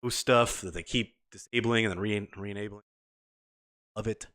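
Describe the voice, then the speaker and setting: Deep voiced young guy rambling and cussing about games, dry close mic. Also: fairly even intonation, normal speed, a bit bright, dry recording. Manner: rambling, swears a lot. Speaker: podcast co-host. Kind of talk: casual chat.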